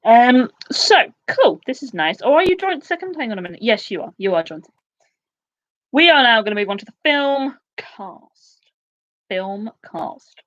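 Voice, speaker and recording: A woman in her twenties hosting a casual live quiz, chatty and excitable, with quick asides. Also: a little high, lo-fi sound. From United Kingdom. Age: 20s. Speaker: quiz host.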